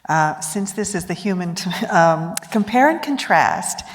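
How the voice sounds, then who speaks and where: A woman's voice: on the low side, expressive, unhurried. A woman moderating a conference panel, friendly and posing questions to the speakers. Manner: friendly, laughs often, poses questions. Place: large conference hall. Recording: long reverb of a large conference hall.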